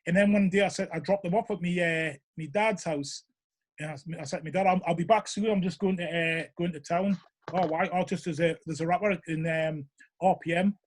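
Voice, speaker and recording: A man's voice: on the high side, a little fast. A middle-aged man from Newcastle with a Geordie accent, rambling through casual stories in an interview and often asking "you know what I mean?". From Newcastle, England. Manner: rambling, animated, lots of 'you know what I mean'. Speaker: interviewee, show regular.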